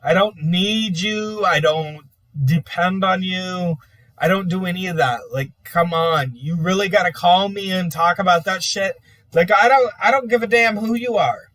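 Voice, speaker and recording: A man's voice: high voice, a little slow, fairly bright tone, no echo. A man ranting in an exasperated, profane monologue full of repetition. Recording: dry, distant from mic.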